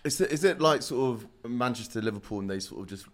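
A man's voice: medium pitch, animated, fast talker, a little hiss or hum. A man joining a casual chat, chiming in with suggestions.

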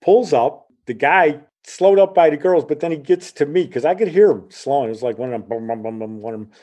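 His voice leans high and a little fast as this middle-aged Chicagoan shares a personal tale casually. He's animated throughout, voicing the characters in the story himself.

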